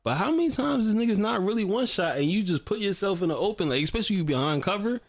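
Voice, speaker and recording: A young man, a podcast co-host, telling a story in casual chat in a relaxed, low-key way. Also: quick pace.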